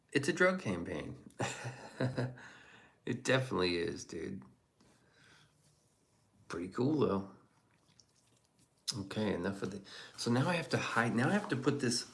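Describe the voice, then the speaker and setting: A man's voice: mid-range voice, vocal fry. A man streaming casually and reacting to chat, rambling and profane with chuckling asides.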